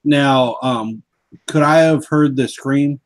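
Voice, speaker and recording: A man speaks as a player in a tabletop role-playing game, casual and jokey with the occasional curse. His voice sits at a middle pitch. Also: slow. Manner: casual, joking, swears.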